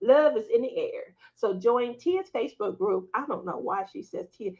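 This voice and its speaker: A middle-aged woman chats with her live-stream viewers in a relaxed, rambling way, stopping often to laugh. Her voice sits a little high for a woman, and the audio is slightly dull and muffled. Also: moderate pace. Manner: chatty, laughs often, acts out family quotes in higher voices. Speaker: craft channel host. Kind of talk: casual live-stream chat.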